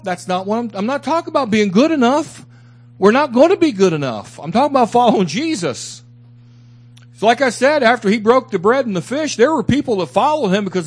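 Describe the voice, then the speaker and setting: A man's voice: high voice, big pitch swings, brisk, slightly rough. A man preaching a sermon as pastor, emphatic and repetitive, with candid asides to his congregation. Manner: emphatic preaching with repeated phrases.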